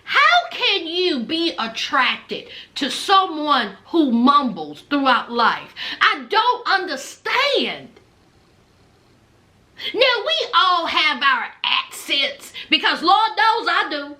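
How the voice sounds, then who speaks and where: A woman's voice: sits high, very animated, takes it slowly, bright, forceful tone. A woman, recapping a reality show in a blunt, sassy way to her viewers. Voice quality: thick accent. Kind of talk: casual recap vlog.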